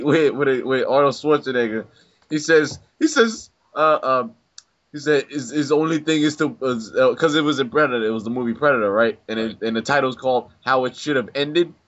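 A man's voice: mid-range voice, normal speed, fairly bright tone. A man on a voice call telling rambling stories, full of restarts and fillers, laughing as he goes. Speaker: friend on the call. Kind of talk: casual chat. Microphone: computer mic on a voice call. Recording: dull lo-fi voice chat recording.

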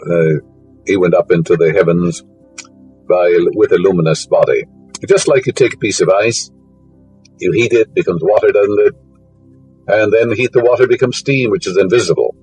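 A man's voice: on the low side, a little mellow, low-quality recording. A man giving a spiritual lecture, full of fillers, whose voice rises sharply on key words. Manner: rambling, fillers, rising emphasis on key words.

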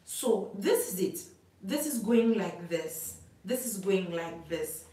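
A woman's voice: mid-range voice, animated, takes it slowly, warm tone, heavy reverb, distant mic, low-quality recording. A woman preacher giving prophecy in a live prayer session, declaring, repeating phrases and praying over callers.

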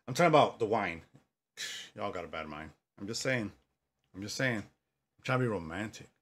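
A man's voice: on the low side, animated, normal speed, a bit bright, breathy edge. A man giving joking commentary on a horror game, reacting aloud to scares and talking back to the story. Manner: jokey, talks back to the game, yelps at scares. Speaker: gaming commentator.

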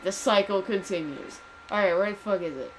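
A woman's voice: medium pitch, brisk, a little hiss or hum. Young woman cursing casually through a game playthrough, very outspoken. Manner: profane, outspoken. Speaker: let's play host. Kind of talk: casual gameplay commentary.

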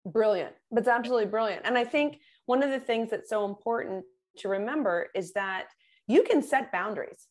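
A middle-aged woman speaking as a guest in an interview, telling stories and acting out the voices of the people in them. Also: fairly quick. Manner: lively, acts out quoted voices with big pitch jumps. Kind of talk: animated storytelling in an interview.

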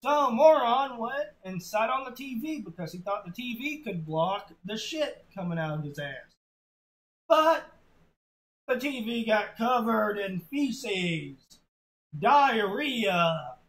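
A casual storyteller with a crude, offhand manner who tells the tale slowly. The delivery sounds unpolished and loose, like talking to friends. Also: medium pitch, lively intonation, fairly bright tone, low-quality recording.

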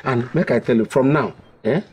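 An actor with a Nigerian accent playing an excitable, scheming middle-aged village father, theatrical and full of exclamations. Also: mid-range voice, moderate pace, slightly rough. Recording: film dialogue.

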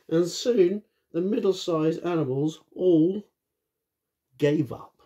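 A man's voice: fairly high pitch, takes it slowly, mellow. A man, a teacher, reading a children's story aloud with friendly, chatty asides to young listeners.

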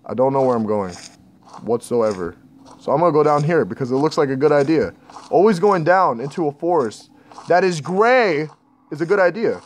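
A man's voice: a little high, lively intonation, moderate pace. A young man commenting on a horror game he is playing, jittery and panicky as he talks to his viewers. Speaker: gaming channel host. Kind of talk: scared horror gameplay commentary.

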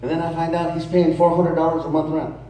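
A man preaching a humorous sermon to a youth crowd, telling family stories with lively call-and-response asides. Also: a little high, quick pace, a little hiss or hum. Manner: animated, storytelling, calls to the crowd. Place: large church hall. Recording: very echoey hall, distant mic.

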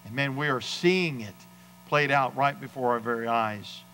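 A man's voice: mid-range voice, moderate pace, sharp tone, big-room sound, a little hiss or hum, low-quality recording. A man preaching a sermon as pastor, with emphatic delivery that rises and drops, and acted-out quotes of other people. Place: church sanctuary.

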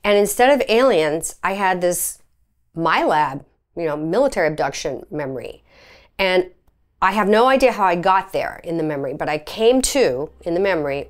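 A woman recounting a personal experience in a conversational, filler-heavy way, her voice leaping up when she relives quoted moments. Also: on the low side. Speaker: experiencer sharing her story. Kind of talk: personal testimony.

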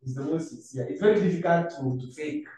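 A man's voice: on the high side, animated, a little fast, warm tone. A man with a Kenyan accent teaching a revision lesson to a class, asking students questions and mixing in Swahili phrases. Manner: conversational, quizzes students, mixes in Swahili phrases. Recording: echoey room, far from mic, faint noise.

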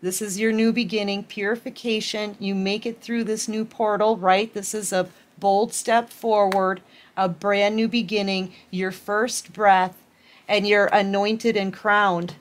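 A woman reads tarot cards for her viewers, addressing them directly and affectionately. Her delivery is slow and unhurried, yet she gushes with excitement and breaks into laughter between lines. Her pitch sits in a middling range. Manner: excitable and gushing, with frequent laughs and exclamations. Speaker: tarot reader. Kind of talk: collective tarot reading to camera.

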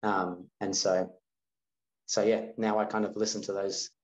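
Speaking at a measured pace with a fairly low pitch, this Australian man in his thirties is a guest in a relaxed interview, recounting something that happened to him. He brings the story to life by performing the quoted dialogue of its characters. The sound is roomy and a little dull.

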